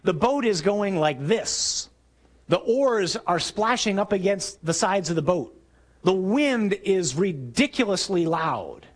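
Animated male preacher, high-pitched. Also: takes it slowly. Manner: animated storytelling, acting out scenes with shouted quotes. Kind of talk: sermon.

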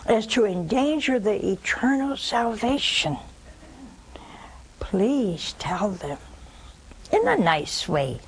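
A woman hosts a religious call-in show, preaching and answering callers in a fairly high, breathy voice on a low-quality recording. She speaks with emphasis, repeats her points, and throws in scornful asides.

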